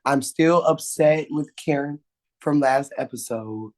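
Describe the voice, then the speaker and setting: A woman's voice: low voice, slow, a little mellow. A woman co-hosting a casual recap chat, chiming in with short reactions. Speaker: co-host.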